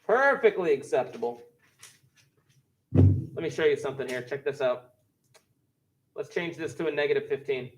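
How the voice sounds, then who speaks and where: A middle-aged male math teacher recording a lesson, talking students through each step in a playful, animated way. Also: a little high, moderate pace, long pauses.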